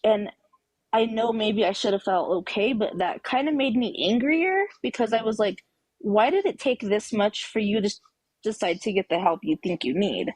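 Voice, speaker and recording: A woman's voice: mid-range voice, animated, normal speed, a little mellow, no echo, rough recording. A woman caller on a live talk show telling a personal story emphatically, acting out the quoted dialogue. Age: adult with children.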